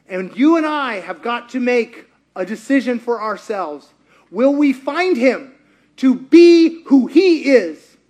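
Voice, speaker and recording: A man preaching a sermon, retelling a story with animated delivery, acting out quotes and laughing often. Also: sits high.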